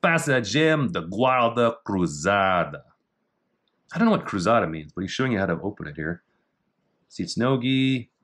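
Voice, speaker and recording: A middle-aged man casually talking through techniques in a martial arts book, with dry offhand asides and slow, halting reading of foreign terms. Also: fairly low pitch, expressive. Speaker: jiu-jitsu instructor reviewing a technique book. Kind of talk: casual commentary.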